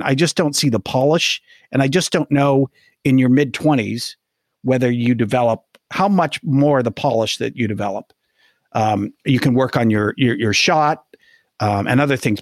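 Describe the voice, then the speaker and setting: A man's voice: mid-range voice, no echo, studio quality. Hesitant man musing on sports. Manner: measured, hesitant, thinks aloud with restarts. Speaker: podcast co-host. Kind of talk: casual sports podcast chat.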